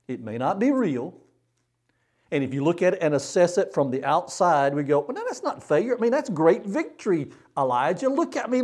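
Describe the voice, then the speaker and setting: Male pastor, sermon delivery, earnest and emphatic, pitch a bit above average. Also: warm tone. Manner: earnest preaching with repeated phrases for emphasis.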